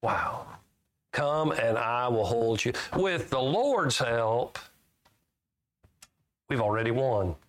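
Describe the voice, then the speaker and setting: In a mid-range voice with lively intonation, a male preacher takes his time, leaving long pauses. His sermon is folksy, full of questions for the congregation, and his scripture readings rise in emphasis.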